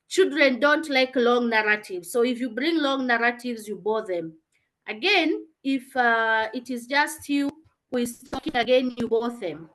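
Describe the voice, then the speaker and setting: Woman teacher on a video call, explains and questions students, slightly high pitch. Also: fairly bright tone. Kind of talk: online revision class.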